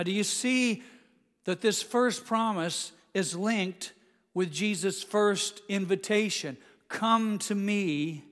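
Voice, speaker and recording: Pastor, man in his 60s, slightly high voice; preaches with big dynamic swings from loud emphasis to quiet asides; long reverb. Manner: swings from loud emphatic declarations to hushed intimate storytelling. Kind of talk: sermon.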